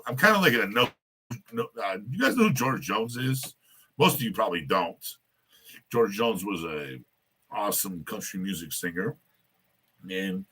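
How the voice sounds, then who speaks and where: A man's voice: lowish voice, bright, forceful tone, husky. A man hosting a casual live rant show, rambling loosely and boastfully while drinking. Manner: rambling, loose and boastful, keeps repeating a catchphrase.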